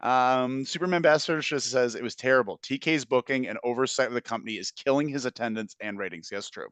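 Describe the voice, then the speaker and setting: A man's voice: mid-range voice, a little fast, fairly bright tone, no echo. A man co-hosting a podcast who laughs often, jokes around and reads listener comments aloud. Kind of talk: casual chat.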